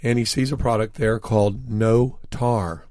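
A man who is an author tells anecdotes as an interview guest, earnest and filler-heavy, dropping his pace on key words for emphasis. His voice has a middling pitch and a steady, warm tone. It sounds close and dry in the studio, with no echo.

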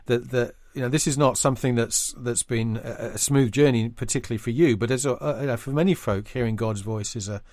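A man's voice: mid-range voice, fairly quick, hardly any pauses, darkish tone, no echo. Hesitant male interviewer, dry sound. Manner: hesitant, many fillers. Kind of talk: interview questions.

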